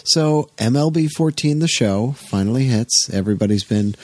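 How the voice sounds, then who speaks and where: A man's voice: medium pitch, expressive, moderate pace, no room sound. A man co-hosting a casual podcast, joking and teasing his partner. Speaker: podcast co-host.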